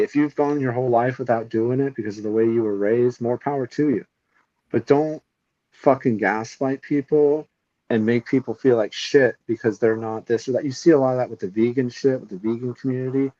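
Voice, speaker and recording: A man's voice: medium pitch, dark tone, no echo, muffled recording. A man co-hosting a podcast, ranting casually with heavy swearing and strong opinions. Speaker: podcast co-host.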